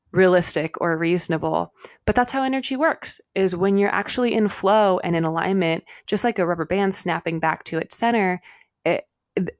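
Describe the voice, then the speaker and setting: Animated woman podcast host, dry sound. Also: on the low side, no echo. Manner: animated, swears casually, spiritual self-help talk. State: slightly out of breath. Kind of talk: casual spiritual podcast chat.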